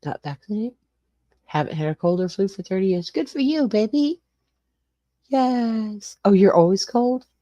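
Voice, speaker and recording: A woman's voice: mid-range voice, animated, measured pace, dark tone, no echo. An older woman hosting a casual livestream from her small garage suite, greeting viewers by name and rambling through the chat. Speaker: livestream host.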